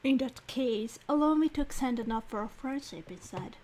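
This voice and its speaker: A woman's voice: sits high, expressive, a little mellow, pitched below the performer's own voice. A woman voicing a formal reserved commandant. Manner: measured, polite, formal.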